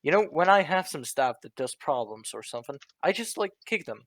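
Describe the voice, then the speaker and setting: A man's voice: fairly high pitch, very animated, fairly quick, fairly bright tone, dry recording. A young man with a Czech accent chatting casually on a voice call, laughing often and restarting his sentences. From Czech Republic. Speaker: online roleplay group leader. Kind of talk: casual voice chat.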